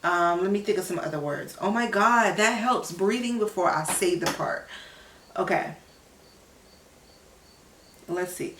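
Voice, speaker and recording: A woman's voice: on the low side, normal speed, long pauses, a little hiss or hum. Chatty woman vlogger in an echoey room. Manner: animated, slangy, talks to viewers, bursts of excitement. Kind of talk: casual vlog, practicing Spanish words.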